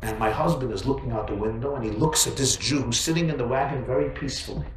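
A man giving a storytelling sermon to an audience, animated and joking as he acts out the tales. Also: mid-range voice, quick pace, echoey room, a little hiss or hum. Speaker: preacher.

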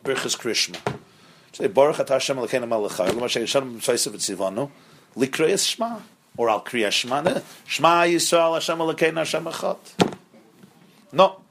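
A man's voice: medium pitch, fairly bright tone, slight background noise. A middle-aged man, a rabbi, giving a Torah lecture to a live group, speaking emphatically, repeating key words and acting out quoted voices. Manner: acts out quoted voices while teaching. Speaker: rabbi teaching a class.

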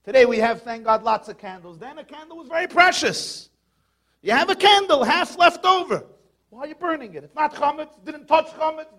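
A man teaching a Torah lecture full of stories and rhetorical questions, shouting now and then for emphasis. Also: extremely high pitch.

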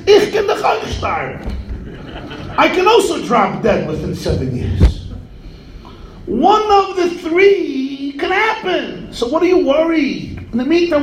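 A man's voice: extremely high pitch, roomy sound, recorded from a distance, a little hiss or hum, voice pushed up, exaggerated voice. A man voicing a poor, carefree male water carrier who talks in a light, coaxing way.

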